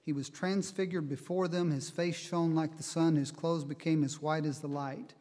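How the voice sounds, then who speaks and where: A man preaching a sermon, reading scripture in a measured way and explaining it. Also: fairly high pitch, fairly even intonation, darkish tone, big-room sound. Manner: measured Bible reading and teaching, slow on quoted verses.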